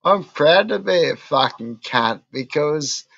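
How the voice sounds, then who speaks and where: A man's voice: on the high side, animated, slow, vocal fry, a bit bright, muffled recording. A drunk man with an Australian accent, rambling and ranting in a crude, swearing monologue for his vlog. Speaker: vlogger.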